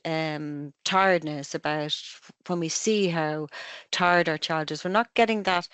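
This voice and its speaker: A middle-aged Irish woman, a family psychotherapist, calmly explaining parenting ideas with analogies in an online webinar. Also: on the low side, no room sound. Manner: calm, measured explaining with analogies.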